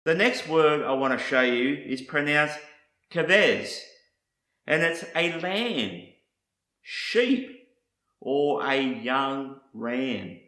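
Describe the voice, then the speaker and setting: Slow, bright-voiced man teaching in an echoey room. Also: mid-range voice, lively intonation. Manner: deliberate, spelling out word meanings one by one. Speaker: Bible teacher.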